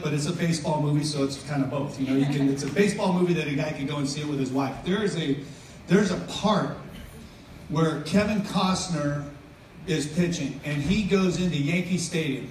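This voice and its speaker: A middle-aged man giving a casual, joking sermon as a guest speaker, chatty and self-interrupting. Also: high voice. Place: church venue. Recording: echoey hall from far off, faint noise.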